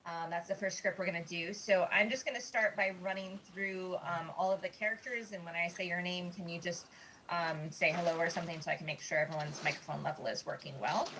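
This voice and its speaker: A woman's voice: lowish voice, steady tone, fairly quick, background noise. Upbeat chatty woman hosting a table read. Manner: chatty, filler-laden and upbeat. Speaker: host of a script reading. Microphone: video call.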